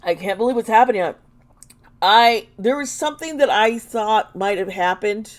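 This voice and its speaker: A woman's voice: medium pitch, animated, normal speed. A woman doing an intuitive tarot reading for her vlog, earnest and emotional, often trailing off mid-sentence. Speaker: tarot reader.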